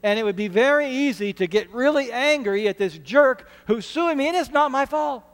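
A man's voice: very high-pitched, lively intonation, normal speed, long reverb tail. A man preaching a sermon as pastor, earnest and conversational, often restarting his words. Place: church sanctuary.

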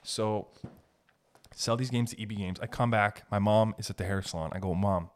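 A man hosting a solo podcast, telling stories in an animated, profane way and laughing as he talks. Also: lowish voice, fairly quick. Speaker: podcast host.

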